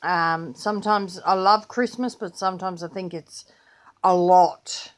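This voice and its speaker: Older aussie lady vlogging, slow rambly chat, lowish voice. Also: fairly even intonation. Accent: Australian. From Australia. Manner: chatty, rambling, yawning. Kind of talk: casual chat.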